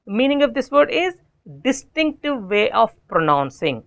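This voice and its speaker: Woman, Indian English accent, vocabulary teacher, animated pitch, gravelly edge. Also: moderate pace. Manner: explains each word with synonyms and memory tricks. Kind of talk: explanatory lesson.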